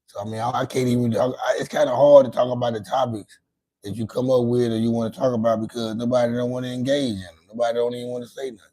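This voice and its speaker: A man's voice: mid-range voice, flat delivery, fast talker, warm tone, poor audio. A man hosting a casual late-night livestream, talking in a loose, rambling and profane way, often repeating and restarting his words. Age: adult with grown children. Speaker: livestream host.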